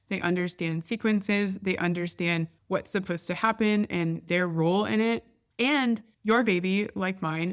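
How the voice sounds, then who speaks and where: Woman, 30s, podcast host: casual, candid storyteller at a mid pitch. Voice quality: chatty, candid, down-to-earth. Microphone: podcast microphone.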